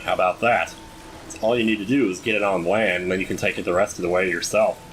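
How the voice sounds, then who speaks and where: A man's voice: low voice, fairly even intonation, fast, noisy background. A man giving casual, jokey commentary while playing a video game, chatting to the characters on screen. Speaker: gameplay commentator. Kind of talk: casual let's-play commentary.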